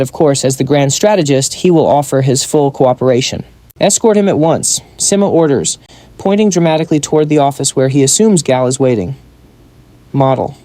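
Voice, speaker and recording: A man's voice: a little high, mellow, no echo. A man narrating a comic story recap in a scripted style, dropping wry joking asides.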